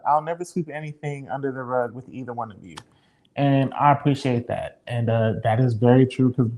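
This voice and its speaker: A man's voice: mid-range voice, dark tone. A man co-hosting a podcast, talking in an earnest, reflective way and swearing now and then. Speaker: podcast co-host. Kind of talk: candid casual chat.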